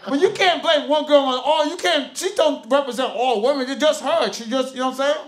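A man with a Haitian accent, born in the United States, bantering and telling stories on a live comedy podcast. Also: extremely high pitch. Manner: boisterous, laughing storyteller. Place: live stage before a crowd. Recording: roomy live venue sound.

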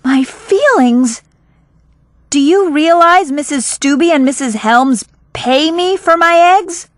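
A woman's voice: high-pitched, expressive, takes it slowly, dry recording, clean studio sound, pitched above the performer's own voice. A woman reading the lines of an earnest teenage girl who speaks in a raised, emphatic way. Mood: hurt.

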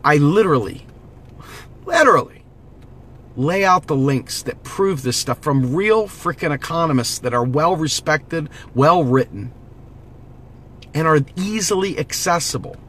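A man's voice: a little high, lively intonation, measured pace, a bit bright. A man giving an impassioned direct-to-camera monologue, preachy and urgent, repeating slogans as he rallies his viewers. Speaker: political vlogger.

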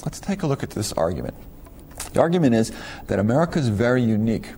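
A man's voice: mid-range voice, big pitch swings, fast, creaky, dark tone, a little hiss or hum. A middle-aged man giving a conversational university lecture, asking rhetorical questions and stumbling over repeated words. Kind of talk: recorded lecture to students.

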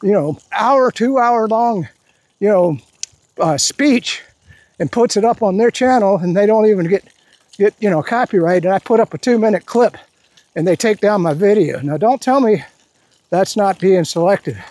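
Husky-voiced man rambling outdoors. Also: sits high, animated, moderate pace, darkish tone, no room sound. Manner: rambling, restarts often, indignant. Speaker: political commentary vlogger. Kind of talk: casual political rant while walking.

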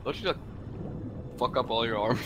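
A man's voice: mid-range voice, moderate pace, background noise. A young man streaming a co-op game, laughing and teasing his partner with casual swearing. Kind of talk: casual gaming commentary. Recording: loud game music under the voice.

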